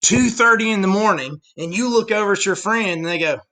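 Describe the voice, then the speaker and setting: A teacher giving a recorded history lesson, telling stories in an animated way and talking straight to viewers. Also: mid-range voice, a little fast.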